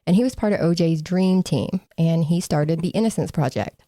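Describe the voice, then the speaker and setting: A woman's voice: lowish voice, normal speed, dark tone, dry recording, studio quality. A woman co-hosting a casual true-crime podcast, sarcastic and laughing as she mocks the people she talks about. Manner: sarcastic, laughing, mocking quotes. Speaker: podcast co-host.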